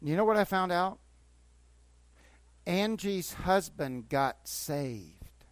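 Older preacher guy, kinda high voice, chatty then fired up, dry close sound. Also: dry recording. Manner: conversational preaching, rising to fervent exhortation. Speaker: pastor. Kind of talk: sermon. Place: church.

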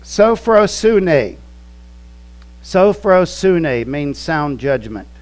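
A man delivering a sermon at a slow, deliberate pace, leaning hard on key words. His voice sits a little high for a man. A faint electrical hum runs under the recording. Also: expressive, poor audio. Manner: slow, emphatic teaching with quoted scripture and word studies. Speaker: pastor.

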